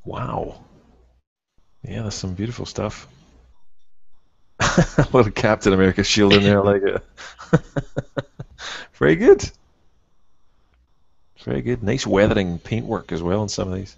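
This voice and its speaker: A man's voice: on the low side, gravelly, breathy edge, dry recording, dull audio. A man co-hosting a casual hobby podcast, chatting eagerly and praising what he sees. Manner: enthusiastic, quick to praise. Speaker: podcast co-host.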